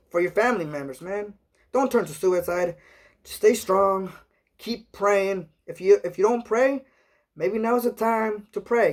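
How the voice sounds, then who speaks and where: A man's voice: high voice, darkish tone. A man talking casually on a live stream, rambling and earnest, sprinkling his talk with "man" and "you know". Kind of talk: casual live-chat monologue.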